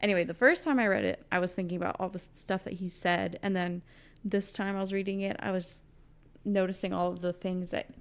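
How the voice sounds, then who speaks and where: A woman's voice: lowish voice, fairly even intonation, fairly quick, few pauses. A young woman co-hosting a podcast, chatting casually about books, gushing and rambling with lots of fillers and laughter. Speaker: podcast co-host. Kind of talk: casual book chat.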